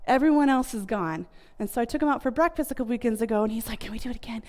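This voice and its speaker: A woman's voice: fairly high pitch, expressive, very fast, darkish tone. A woman in her thirties with an American accent, speaking casually to an audience about family communication, with many fillers. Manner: chatty, many fillers like "like" and "you know".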